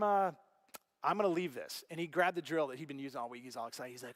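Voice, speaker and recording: A middle-aged male pastor preaching a sermon, telling stories with animated delivery and acting out voices, dropping to a hush and rising again. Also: fairly high pitch, quick pace, in a large hall. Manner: animated storytelling, acts out quoted voices, big swings from loud to hushed. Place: church auditorium.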